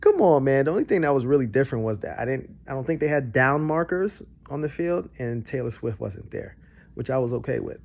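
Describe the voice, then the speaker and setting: A young adult man, giving casual reaction commentary that swings from low grumbles to excited bursts. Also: brisk, gravelly. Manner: animated, jumps between low grumbles and high excited bursts. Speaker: vlogger reacting to a broadcast.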